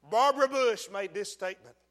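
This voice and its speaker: High-voiced shouting man preaching. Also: fairly quick. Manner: emphatic, swings from hushed pleading to shouting. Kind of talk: fiery sermon. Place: large church sanctuary. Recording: long church hall reverb.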